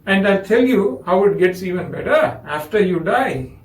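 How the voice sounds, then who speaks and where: Animated storytelling man with Indian English accent. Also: high voice, normal speed, reverberant, recorded from a distance, poor audio. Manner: animated storytelling with acted quotes. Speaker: spiritual speaker. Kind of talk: storytelling discourse.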